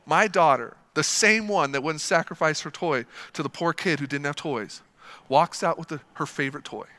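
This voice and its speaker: A man preaching a sermon as a pastor. He is animated and emphatic, tells stories vividly and repeats words to stress a point. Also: fairly high pitch, normal speed. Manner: animated and emphatic, with lively storytelling.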